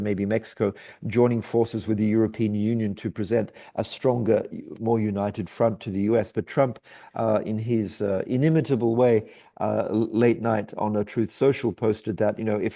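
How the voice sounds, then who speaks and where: A man's voice: lowish voice, vocal fry, dark tone. A man giving a daily market commentary over charts, talking hesitantly with many fillers and restarts.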